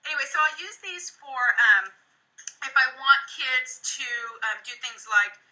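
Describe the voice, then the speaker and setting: A woman's voice: high voice, animated, normal speed, sharp tone, rough recording. A woman who photographs children, chatting through tips on a casual livestream and demonstrating as she goes. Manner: chatty and demonstrative, with frequent fillers.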